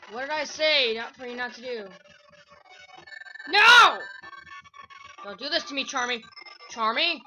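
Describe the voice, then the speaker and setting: A woman's voice: on the high side, fast talker, hardly any pauses, lo-fi sound. A woman giving let's-play commentary, rambling through asides and breaking into yelps and squeals. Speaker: gameplay commentator. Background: faint game music.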